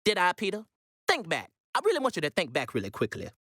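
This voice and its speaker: An actor playing a slick, shameless local TV lawyer with a salesy commercial pitch, faint music behind him. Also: male voice, huge pitch swings, fast, a bit bright, no room sound, studio quality, full character voice. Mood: smug.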